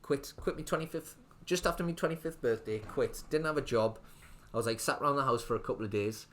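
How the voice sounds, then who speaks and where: A restaurant owner, interviewed on a casual podcast, tells his story in a loose, rambling way packed with "like." He talks quickly in a medium pitch, and there's a faint hiss or hum on the recording.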